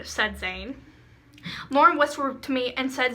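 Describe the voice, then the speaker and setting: A woman's voice: high voice, a little slow, long pauses, bright, forceful tone. A teenage girl from Pennsylvania reading her old fan fiction aloud, giggling and mocking it with lots of "like" and "um". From Pennsylvania, USA. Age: teens. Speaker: vlogger. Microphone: phone camera.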